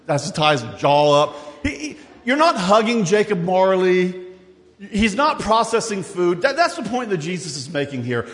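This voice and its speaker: A man preaching a sermon in an animated, conversational way, with quick asides and repeated words as he works through scripture. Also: high voice, big-room sound. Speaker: pastor.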